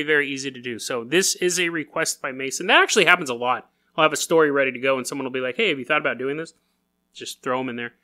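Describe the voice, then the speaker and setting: A man's voice: fairly high pitch, pushed and bright. A man hosting a podcast, telling stories in a casual, joking way, laughing often and acting out silly voices. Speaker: podcast host. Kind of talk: casual comedic storytelling.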